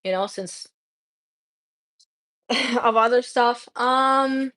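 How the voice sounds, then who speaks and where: A woman's voice: on the high side, extremely slow, a bit bright. A woman streamer chatting casually to her viewers, a native Russian speaker who rambles, restarts words and laughs often. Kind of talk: casual chat.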